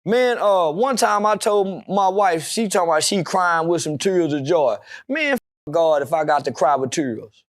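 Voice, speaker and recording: A brash, profane man with an unusually high voice answers questions as a guest in a casual interview, clear in every line. He speaks at normal speed and rambles loosely from point to point.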